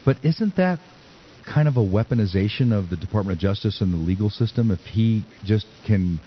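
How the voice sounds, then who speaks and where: A man's voice: lowish voice, animated, brisk. A man hosting a podcast in casual chat, joking and rambling. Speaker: podcast host. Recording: dull lo-fi sound with faint noise.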